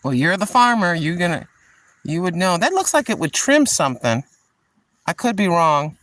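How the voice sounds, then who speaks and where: A woman's voice: on the low side, very animated, moderate pace. An older woman hosting a vlog, chatting and joking outdoors in a riverside park. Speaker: vlog host. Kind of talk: casual chat on a walk.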